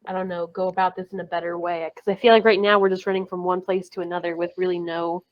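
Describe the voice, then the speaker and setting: A woman's voice: on the low side, little pitch movement, fast, muffled recording. A woman playing in a tabletop game who talks playfully and thinks aloud as she plans. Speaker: player.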